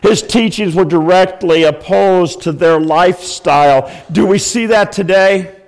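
A pastor with a high voice preaches a sermon in church at a measured pace, his words trailing off into long reverb. When he acts out the crowd, he breaks into mock wailing.

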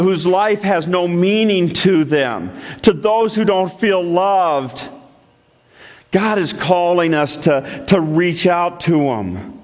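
A man delivers a sermon to his church in a fairly high voice. He takes his time, letting each phrase land. His earnest preaching climbs into emphatic calls, broken by the odd joke at his own expense. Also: long reverb tail. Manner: earnest preaching, rising to emphatic calls with self-deprecating asides. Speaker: pastor.

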